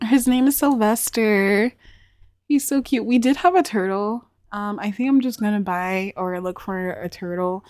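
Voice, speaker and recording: A chatty, excitable young woman commenting on a life-sim game and spinning a story around it, with many fillers. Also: medium pitch, unhurried, dry recording, clean studio sound. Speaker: gaming YouTuber. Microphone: desk microphone.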